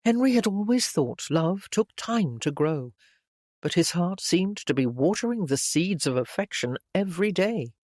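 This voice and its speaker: A narrator reading a period romance novel aloud in a measured, gentle storytelling manner. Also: medium pitch, expressive, no echo, studio quality.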